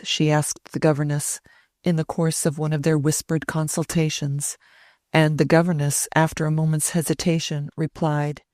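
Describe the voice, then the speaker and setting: Low-pitched lady reading an old novel, dry close sound, slow and deliberate. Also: level tone, darkish tone, no echo. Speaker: audiobook narrator. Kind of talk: audiobook narration of a classic novel.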